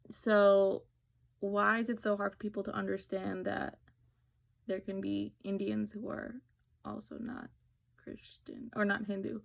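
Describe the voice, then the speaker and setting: This woman's voice sits at medium pitch with some vocal fry. She's a beauty vlogger from New Jersey, talking to camera in a casual, sarcastic, snarky way while mimicking others' words.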